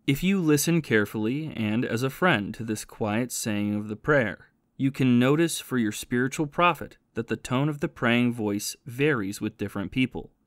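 A man reading the part of a learned male scholar in an audiobook, earnest and measured as he teaches about prayer. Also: medium pitch, no room sound, clean studio sound, natural voice. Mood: earnest, instructive. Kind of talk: audiobook reading of a spiritual classic.

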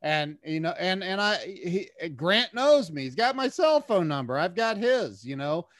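A man guest on a podcast, telling a story in an animated way with many restarts and repeated words. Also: sits high, measured pace, no room sound, clean studio sound. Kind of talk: casual storytelling interview.

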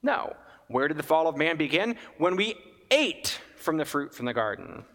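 A man giving a conversational homily as a priest, animated and often asking his listeners questions. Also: on the high side, normal speed, big-room sound.

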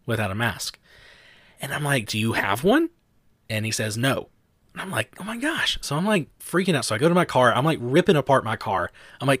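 A young man, co-hosting a podcast and telling stories in a chatty, animated way. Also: mid-range voice, no echo. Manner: chatty storyteller, animated quotes, frequent "like". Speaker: podcast host. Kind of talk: casual chat.

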